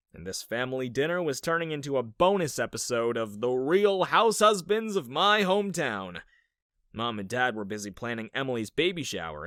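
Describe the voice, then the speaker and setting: A man's voice: mid-range voice, fairly bright tone, no echo, studio quality. A young man narrating a first-person story in a wry, dramatic way, with sarcastic asides.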